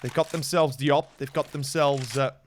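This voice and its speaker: A young Slovenian man with a Slovenian accent, casting a match solo in English as a non-native speaker, building up loudly during action and chatting with viewers between plays. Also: steady tone, moderate pace, slight background noise. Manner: rises sharply in pitch and volume during action, chats with viewers between plays. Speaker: esports caster. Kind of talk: solo play-by-play commentary.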